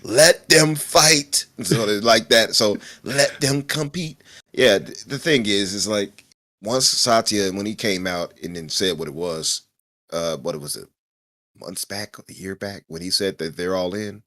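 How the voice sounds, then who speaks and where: A man's voice: low voice, moderate pace. A man co-hosting a casual gaming podcast, joking around and talking with lots of energy. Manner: animated, joking, laughs loudly. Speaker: podcast co-host.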